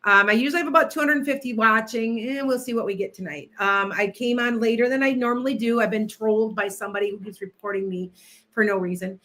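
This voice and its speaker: A woman's voice: on the high side, fairly even intonation, fast, fairly bright tone. A woman hosting a casual livestream, rambling and restarting often as she sets up and chats with viewers. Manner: rambling, distracted, many restarts. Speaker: livestream host and tarot reader.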